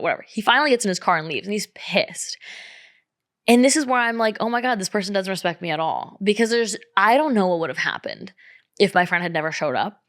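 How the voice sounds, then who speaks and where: A woman's voice: mid-range voice, animated, fast, fairly bright tone, dry recording, clean studio sound. A young woman telling a personal story in casual, candid talk, swearing freely and acting out what others said. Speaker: vlogger.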